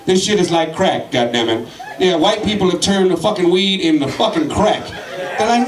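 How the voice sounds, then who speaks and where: A man's voice: a little high, lively intonation, normal speed, background noise. A man from Colorado doing a rowdy, profane stand-up comedy set. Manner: profane, rowdy, shouts at the crowd. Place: comedy club with live audience. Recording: echoey club from a distance.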